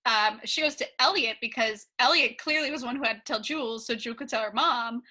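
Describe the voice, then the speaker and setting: A woman's voice: on the high side, brisk, sharp tone. A woman co-hosting a podcast, recapping a TV episode in emphatic casual chat. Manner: emphatic, repeats points for effect. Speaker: podcast co-host.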